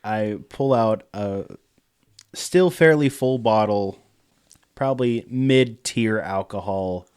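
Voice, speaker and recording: A man playing a tabletop game, speaking in a relaxed, laid-back way. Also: lowish voice, takes it slowly, clear, resonant tone. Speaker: player.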